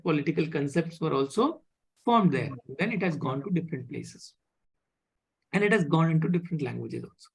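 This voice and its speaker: A man teaching a live online French class, halting with many fillers and often asking "okay?". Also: fairly high pitch, gravelly, husky.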